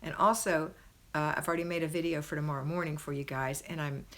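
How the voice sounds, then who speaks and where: A middle-aged woman hosts a homemaking livestream from indoors at her parents' house, reading viewer comments and cheering people on warmly and encouragingly. Her voice sits low, her tone is steady, and she talks quickly.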